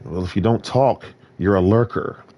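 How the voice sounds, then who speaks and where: A man streaming, talking in a rambling rant that swings between loud outbursts and low muttering. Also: normal speed, lo-fi sound.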